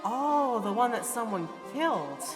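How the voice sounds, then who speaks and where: A woman's voice: a little high, sing-song, measured pace, pitched above the performer's own voice. A woman voicing an exasperated young male defense lawyer with dry, sarcastic delivery. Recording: game music behind.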